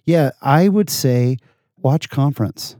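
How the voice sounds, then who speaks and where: Guy telling stories on a podcast, warm mellow voice, dry close sound, pokes fun at himself. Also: mid-range voice, slow pace, no echo. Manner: animated anecdotal storytelling, self-deprecating. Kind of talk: casual conversation.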